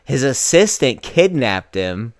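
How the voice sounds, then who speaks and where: Podcast co-host, man in his thirties, animated pitch, dry close sound, joking. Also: takes it slowly, no room sound. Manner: laid-back, joking, swears mildly. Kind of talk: casual chat.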